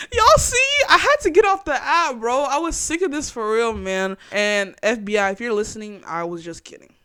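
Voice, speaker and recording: A young woman hosting her own chat show, reacting in a casual, animated, slangy way and laughing often. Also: mid-range voice, clear, resonant tone, no room sound, clean studio sound. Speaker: podcast host.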